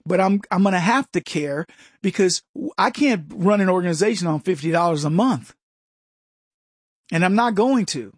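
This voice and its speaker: High-voiced man hosting a talk radio show. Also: moderate pace, long pauses, dry recording, clean studio sound. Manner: animated, sarcastic, mocking put-on voices.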